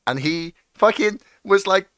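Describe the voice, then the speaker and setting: A man's voice: high voice, animated, measured pace, fairly bright tone, smooth, no echo, studio quality. A man hosting a podcast, chatting casually, throwing in short profane remarks. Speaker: podcast host. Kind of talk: casual chat.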